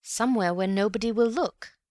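A woman voicing an eager, excitable young man who exclaims and fires off quick questions. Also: mid-range voice, no room sound, studio quality, pitched above the performer's own voice, close to an everyday voice. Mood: curious.

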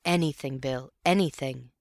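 A woman voicing an earnest, brooding man who speaks slowly and carefully. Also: a bass voice, vocal fry, a little mellow, dry recording, studio quality. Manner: slow, earnest, measured.

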